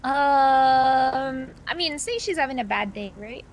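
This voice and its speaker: Chatty, playful woman, slightly high. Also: animated, slow pace, a little hiss or hum. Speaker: gamer role-playing a character. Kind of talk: casual role-play chat.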